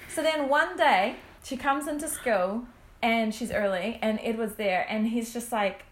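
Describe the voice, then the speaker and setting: A woman's voice: fairly high pitch, a little slow, a bit bright. A young woman in casual chat, eagerly retelling a story full of "like" and acted-out quotes. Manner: chatty, filler-heavy, acts out quotes. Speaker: friend recapping a story.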